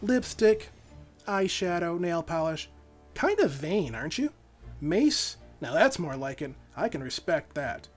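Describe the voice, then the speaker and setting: A man's voice: fairly high pitch, sing-song, unhurried, faint music behind, voice pushed up. A man voicing a cruel, playful female villain in a storybook reading, with a mocking, teasing delivery. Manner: mocking, teasing sing-song lines.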